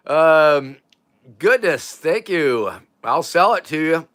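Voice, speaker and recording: An older man hosting a casual livestream, rambling and chuckling as he reads out viewer comments, his voice drifting from loud to quiet. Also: a little high, animated, takes it slowly. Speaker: livestream host.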